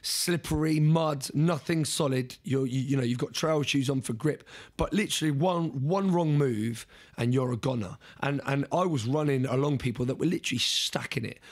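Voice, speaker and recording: Husky man telling a race story. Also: mid-range voice, moderate pace, few pauses. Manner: earnest, restarting and repeating words. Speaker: podcast guest. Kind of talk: storytelling in conversation.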